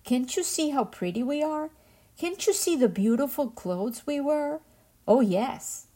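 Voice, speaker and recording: A woman voicing two proud, haughty young sisters in a spoken folktale, with a higher, bratty, insistent tone. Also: animated, measured pace, warm tone. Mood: boastful.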